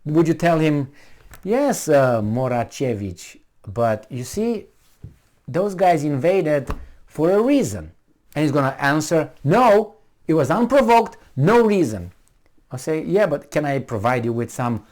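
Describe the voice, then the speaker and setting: A man's voice: a little high, darkish tone. A man giving a heated, sarcastic running commentary, mocking and arguing with the people he talks about. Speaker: political commentator. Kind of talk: ranting video commentary.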